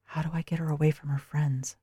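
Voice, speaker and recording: Reader doing a smooth, predatory vampire man. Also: a little high, moderate pace, dark tone, no room sound, studio quality, close to an everyday voice. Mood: calm.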